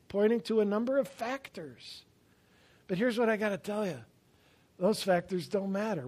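Speaking at a normal speed with lively intonation, this high-voiced male pastor preaches through stories, poking fun at himself and alternating booming emphasis with hushed asides.

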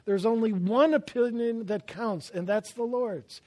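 A man preaching a sermon, telling stories with self-deprecating humor and swinging between loud emphasis and quiet asides. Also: very high voice, unhurried. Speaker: pastor.

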